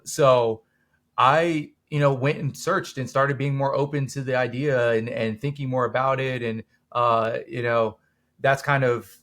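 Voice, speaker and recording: A man's voice: medium pitch, a bit bright. A young man, the guest on a podcast, talking casually and rambling with many fillers and restarts. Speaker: documentary co-producer, guest. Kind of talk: casual interview chat.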